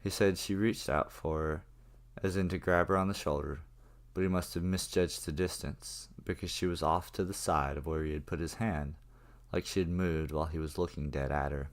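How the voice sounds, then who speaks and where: A man's voice: rumbling low, steady tone, moderate pace. A man narrating a horror story in a casual, profane first-person manner. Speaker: creepypasta narrator.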